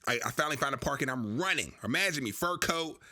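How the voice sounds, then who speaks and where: A man's voice: mid-range voice, fast talker. A young man casually telling a long personal story, acting out what other people said to him. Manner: animated, acts out dialogue with others.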